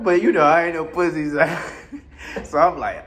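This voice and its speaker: A man telling a crude, comic story in a casual, animated way. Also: a little high, moderate pace, pauses often. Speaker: podcast host telling a story.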